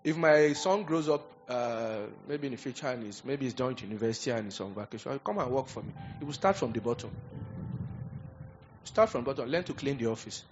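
A man preaching a sermon, animated and conversational, acting out little scenes as he goes. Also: mid-range voice, brisk, muffled recording, slight background noise. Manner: animated preaching with acted asides. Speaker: pastor.

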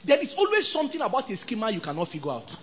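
Animated Nigerian pastor, high lively voice. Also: male voice, very fast. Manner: animated, call-and-response preaching, acts out quoted voices. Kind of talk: sermon.

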